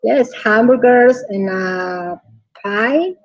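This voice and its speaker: A woman's voice: on the high side, expressive, drawn-out words, dull audio, a crowd in the background. A woman learning English, giving short, careful answers and repeating words after her teacher in an online class.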